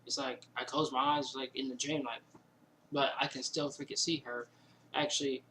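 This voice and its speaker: A man telling a personal story casually indoors at home, rambling and animated, with lots of fillers and quoted asides. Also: medium pitch, normal speed, slight background noise, poor audio.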